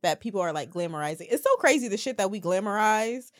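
Expressive woman in casual podcast chat. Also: mid-range voice, fast, dry recording, clean studio sound. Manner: expressive storyteller acting out quotes. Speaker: podcast co-host.

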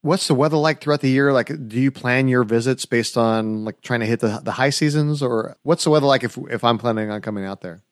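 A man's voice: mid-range voice, brisk, hardly any pauses, no echo, studio quality. An American man hosting a casual interview, asking questions in a friendly, chatty way with fillers. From United States. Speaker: podcast host.

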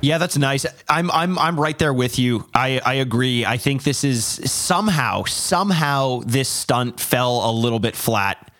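A man's voice: mid-range voice, lively intonation, unhurried, hardly any pauses, fairly bright tone. A man co-hosting a podcast in casual chat, blunt and swearing freely. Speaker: podcast co-host.

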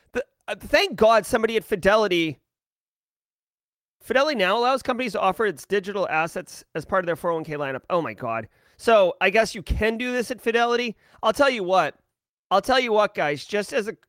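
High-voiced man ranting on a livestream. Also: no room sound, clean studio sound. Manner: animated, ranting, many fillers and restarts. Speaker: host of a daily cybersecurity news livestream. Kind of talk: casual livestream commentary.

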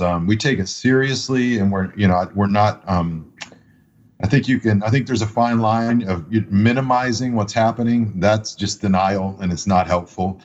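A man, a pastor, talking frankly and reflectively on a panel, laughing easily. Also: mid-range voice. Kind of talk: conversational panel discussion. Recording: dull lo-fi audio.

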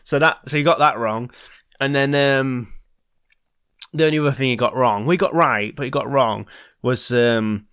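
Recorded with clean studio sound and no room sound, a podcast host with a medium-pitched, fairly bright, clear and resonant voice talks at a moderate pace. He tells a story casually but haltingly, with frequent ums, false starts and occasional swearing.

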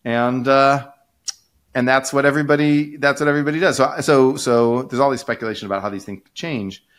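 A man's voice: mid-range voice, brisk, fairly bright tone. A man co-hosting a casual podcast, explaining ideas in a rambling way with many fillers and restarts. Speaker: podcast co-host, economist.

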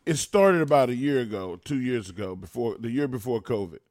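A man co-hosting a casual talk show who gets fired up and bursts into loud, animated rants. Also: medium pitch, fairly quick, no echo, clean studio sound. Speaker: podcast co-host. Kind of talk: casual chat.

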